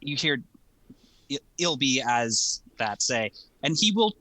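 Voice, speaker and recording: A man plays in a tabletop game and tells his character's moves with animated flair. His voice is bright, and his pitch swings widely as he talks. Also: takes it slowly, no room sound, low-quality recording. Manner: animated storytelling. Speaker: player.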